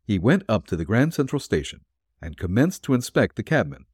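A man narrating a dime-novel detective serial as an audiobook, expressive. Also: fairly low pitch, brisk, slightly rough, no room sound, studio quality.

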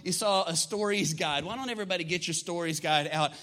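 A man, a pastor preaching a sermon to his congregation, energetic and emphatic, often asking the room rhetorical questions. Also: high-pitched, fairly quick. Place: church sanctuary.

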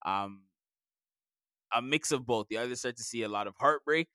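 A man's voice: moderate pace, pushed and bright, clean tone, dry recording, studio quality. A young man co-hosting a teacher podcast, telling classroom stories in casual chat. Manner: storytelling, acts out students in a high voice. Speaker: podcast co-host, middle school teacher.

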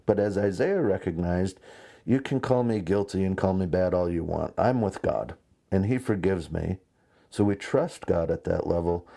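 A man in his thirties preaching a conversational sermon, telling stories with lively asides. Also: fairly low pitch. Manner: conversational, animated storytelling with asides. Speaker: pastor.

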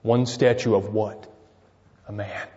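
Male preacher, rhetorical questions, loud then hushed, long reverb, dull muffled sound. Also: on the low side, steady tone, takes it slowly. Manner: rhetorical, keeps asking "right?"; swings between loud emphasis and quiet asides. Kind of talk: sermon.

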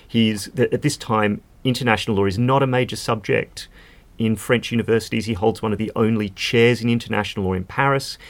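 A man's voice: on the low side, fairly even intonation, fairly quick. A man speaking as a legal expert guest in a podcast conversation, explaining at length with casual fillers.

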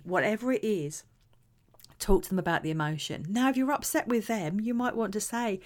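A woman giving earnest parenting advice, acting out example phrases in a gentle way. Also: medium pitch, a little fast. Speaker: parenting educator. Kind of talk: talking-head advice talk.

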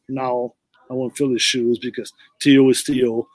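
A man's voice: mid-range voice, steady tone, brisk, no echo. Man, middle-aged, casual podcast storytelling, rambling, dry sound. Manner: rambling, restarts often, tells stories with quoted dialogue. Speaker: podcast guest, former pro hockey player.

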